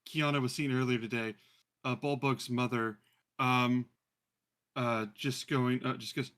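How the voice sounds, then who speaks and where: A man narrating as game master of a fantasy tabletop game, relaxed and halting with many fillers. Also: medium pitch, smooth. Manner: relaxed, many ums and uhs.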